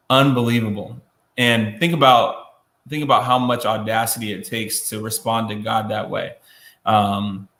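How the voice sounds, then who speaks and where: A man teaching a Bible lesson in a casual, conversational way, with many fillers and restarts and quick acted-out quotes. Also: mid-range voice, fairly bright tone, roomy sound.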